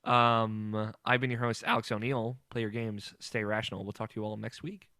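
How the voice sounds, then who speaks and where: A man's voice: lowish voice, level tone, moderate pace, pushed and bright, no echo. A man hosting a podcast in casual chat, loose and joking, laughing often. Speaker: podcast host.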